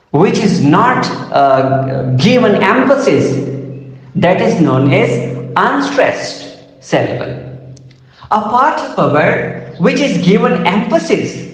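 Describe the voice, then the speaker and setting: A male teacher with a high voice that climbs and dips a lot as he explains. He speaks slowly and formally, repeating words to drive a point home. The sound rings out with a long, heavy reverb. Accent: South Asian English. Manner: addresses "listeners and audience", repeats words for emphasis. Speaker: lecturer. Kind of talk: slow spoken lecture. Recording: echoey room with long reverb.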